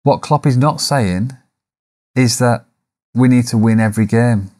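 A man's voice: medium pitch, measured pace, warm tone. A man hosting a solo podcast, talking reflectively in a coaching tone, posing rhetorical questions and adding the odd self-deprecating aside. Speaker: podcast host. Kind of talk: solo business podcast monologue.

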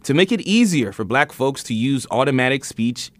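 A man's voice: mid-range voice, expressive, moderate pace, fairly bright tone, no echo. A man hosting a casual news podcast, chatty and laughing often, with many restarts.

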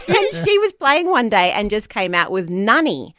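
Animated woman radio co-host. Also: mid-range voice, measured pace. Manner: competitive, animated storyteller. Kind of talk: playful breakfast radio banter. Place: radio studio.

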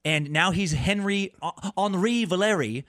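A comedian and podcaster guest telling a story in a rambling way, restarting and repeating words. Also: male voice, high-pitched, lively intonation, normal speed, a bit bright, dry recording, studio quality. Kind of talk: animated true-crime storytelling.

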